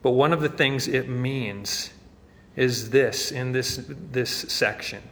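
A man's voice: mid-range voice, slow, a bit bright, big-room sound. A man preaching a sermon as pastor, earnest and rising to fervent emphasis.

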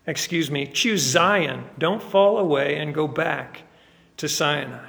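Male pastor, sermon, gravelly and slightly high, emphatic, big hall reverb. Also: slow, fairly bright tone. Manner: joking asides, building to emphatic preaching.

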